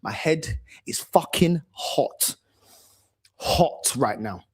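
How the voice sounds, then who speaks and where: A man's voice: on the high side, lively intonation, very slow, breathy edge. A man hosting a fan channel, ranting furiously about his team, swearing and repeating himself. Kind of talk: angry fan rant to camera.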